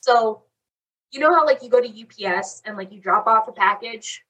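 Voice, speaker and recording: A young woman casually telling a long story on a chat podcast, animated and saying "like" constantly. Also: fairly high pitch, moderate pace, breathy edge. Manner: animated, fills talk with "like". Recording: voice a bit far from the mic.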